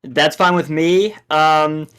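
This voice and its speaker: A man's voice: a little high, steady tone, slow pace, a bit bright, smooth. A man playing in a tabletop game who speaks hesitantly. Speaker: player.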